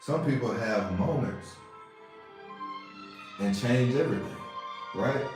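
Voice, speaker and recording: A male podcast host speaks slowly in a mid-range voice, giving a casual motivational monologue that turns preachy. He keeps repeating phrases and checks in with "you see what I'm saying," against a roomy echo and faint music.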